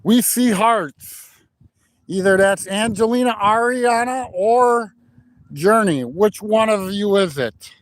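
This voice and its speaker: A man, his voice sitting high for a man, talks slowly and cheerfully to his live chat. He greets viewers by name while standing out on a frozen lake. The sound comes from a phone mic out in the open wind. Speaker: livestream host. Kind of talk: casual live-stream chat. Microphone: phone mic without plugged-in mic, wind noise.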